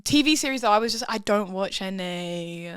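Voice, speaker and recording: A woman's voice: mid-range voice, animated, moderate pace, fairly bright tone, smooth, dry recording, clean studio sound. A young woman, a guest musician chatting candidly and self-deprecatingly on a podcast. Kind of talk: casual podcast chat.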